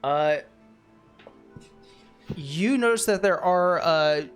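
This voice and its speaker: A man's voice: sits high, lively intonation, very slow, faint music behind. A man narrating as game master in a tabletop game, rambling with many fillers.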